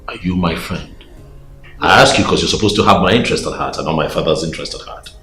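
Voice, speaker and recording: A man's voice: deep voice, fast talker, sharp tone, reverberant, faint music behind. An actor playing a young man pleading with his friend, with a Nigerian accent. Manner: pleading, coaxing. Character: pleading young man, wooing a respectful girl.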